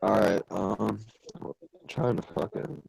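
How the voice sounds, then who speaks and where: A young co-host tosses in short, offhand remarks in casual talk. His voice is low and very gravelly, with faint noise behind it. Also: fairly even intonation, slow pace, darkish tone, rough recording. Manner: brief offhand interjections. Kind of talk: casual chat.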